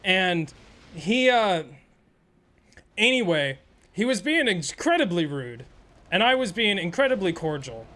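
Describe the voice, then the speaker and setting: A man's voice: sits high, sing-song, unhurried, long pauses, pushed and bright. A man streaming a game and telling a rambling, profane, sarcastic story in casual chat. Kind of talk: casual storytelling while gaming.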